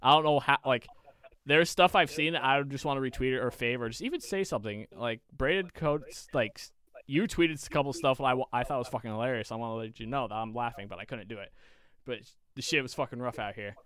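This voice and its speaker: A man's voice: medium pitch, quick pace, a bit bright, smooth. A man co-hosting a casual podcast, telling stories in a rambling, profane way with lots of fillers. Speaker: podcast co-host.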